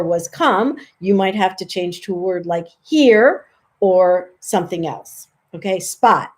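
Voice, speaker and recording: A woman dog trainer giving a casual, friendly how-to talk, chatty and relaxed, lifting her voice high for sample calls. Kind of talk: casual instructional talk to camera.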